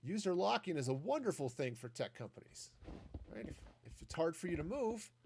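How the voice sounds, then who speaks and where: Medium-pitched and a bit mellow, this man's voice comes with slight background noise. While streaming his game, he makes casual commentary, thinking aloud and restarting his sentences often.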